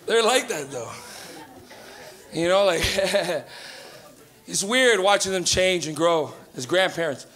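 A man in his thirties from Canada doing a stand-up comedy set in a club, telling stories in a profane, animated way. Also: high voice, slow pace, pauses often. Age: 30s. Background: live audience laughter.

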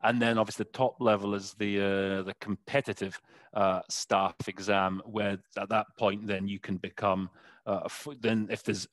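Interpreter guest, male, lowish voice, hesitant and full of fillers, dry close sound. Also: level tone, no echo. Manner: halting, searching for words with many fillers. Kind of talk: conversational interview.

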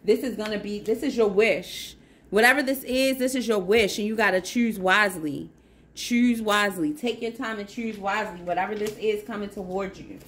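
A woman's voice: mid-range voice, moderate pace, fairly bright tone. Effusive, encouraging woman tarot reader. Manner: effusive, encouraging, repeats herself for emphasis. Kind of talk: casual spiritual tarot reading.

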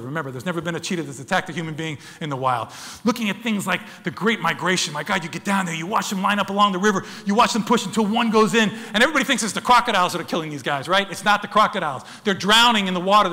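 A man's voice: sits high, pushed and bright. A man giving a wildlife photography talk, telling dramatic stories and acting out sounds and voices as he addresses the audience as folks. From United States. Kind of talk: lively storytelling presentation to an audience. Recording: long hall reverb.

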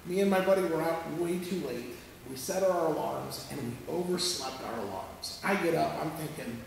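High, gravelly-voiced pastor in an echoey hall. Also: male voice, a little hiss or hum. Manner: animated, conversational, checks in with listeners. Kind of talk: sermon storytelling. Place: church sanctuary. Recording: echoey church hall from far off.

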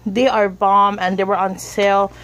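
A woman's voice: medium pitch, little pitch movement, normal speed, a bit bright, slight background noise. A woman in a casual home vlog, chatting straight to her viewers through a handheld camera. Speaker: vlogger.

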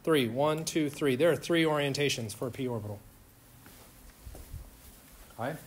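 A man's voice: medium pitch, normal speed. A man lecturing a chemistry class in an informal, joking way, firing questions at his students. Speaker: chemistry instructor.

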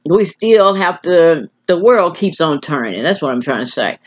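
An older woman from the American South talks slowly and thoughtfully, circling back on her words with restarts and fillers. Her voice is husky and a little low. The recording sounds dull and lo-fi, like a home video. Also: very animated. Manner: slow, musing, with many restarts and filler words. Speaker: vlogger. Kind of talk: rambling casual monologue.

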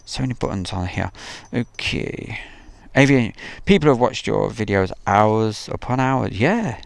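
A chatty man with a low, gravelly voice hosts a casual live stream, reading viewer messages aloud between plenty of ums and little jokes. His voice sits close and dry on the mic. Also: animated, dry recording. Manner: chatty, jokey, halting with many ums. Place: outdoors by an airfield.

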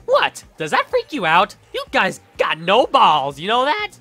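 Brief: cruel cartoonish bear headmaster, high, bright and swooping, mocking. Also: male voice, huge pitch swings, measured pace, faint music behind, heavily acted. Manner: sing-song, mocking and taunting. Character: gleeful cruel bear mascot headmaster, male.

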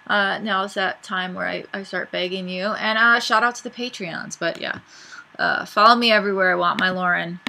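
A chatty woman talks straight to her viewers in a casual, rambling way. Her voice is very bright and sharp. She sounds bubbly and easygoing, with a pitch in the middle of the usual range. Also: fairly even intonation, normal speed, creaky, a little hiss or hum. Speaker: YouTube reaction host. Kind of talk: casual chat to camera.

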